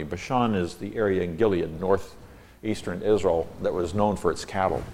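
A man's voice: low voice, a little mellow, in a large hall. A man teaching a Bible lesson, reading scripture aloud with strong emphasis and stopping for plain explanatory asides. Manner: reads verses with rising emphasis, slows for stress.

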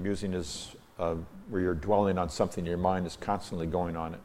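A man with a very low voice reads scripture aloud and stops to explain words in short asides. His reading climbs now and then to emphatic peaks. Then he teaches in an unhurried, conversational way. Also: level tone, a little mellow. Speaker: Bible teacher.

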